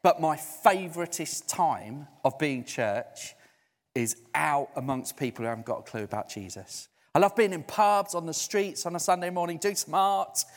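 A man preaching a conversational sermon in a church hall, lively and emphatic. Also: high-pitched. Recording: echoey hall.

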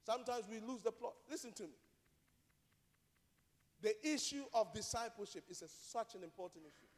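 A pastor with a high, ringing voice preaches a sermon that fills a large, reverberant hall. Speaking expressively at a moderate pace, he stresses key phrases by repeating them and asks the congregation pointed rhetorical questions.

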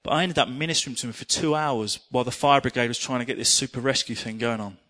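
A middle-aged man preaching a sermon, telling personal stories in an earnest, animated way. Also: medium pitch, quick pace.

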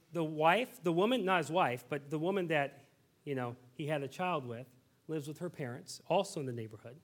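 A man in his thirties preaching a sermon as a pastor, telling a story in an animated, conversational way. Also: a little high.

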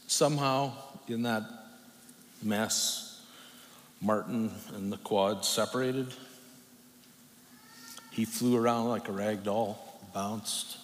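A middle-aged man preaching a personal testimony, telling it in a halting, emotional way with long pauses. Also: mid-range voice, steady tone. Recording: long reverb from a hall, faint noise.

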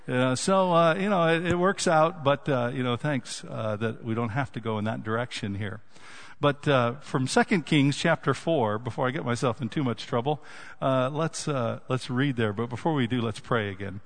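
A man's voice: a little high, moderate pace. Joking male preacher in an echoing hall. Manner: joking, rambling storytelling with many restarts. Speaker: guest preacher. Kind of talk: sermon. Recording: long reverb of a large hall.

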